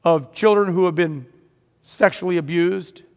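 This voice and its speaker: A man's voice: sits high, a little slow, darkish tone. A man preaching a sermon, retelling a story dramatically and rising to emphatic peaks. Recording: long hall reverb.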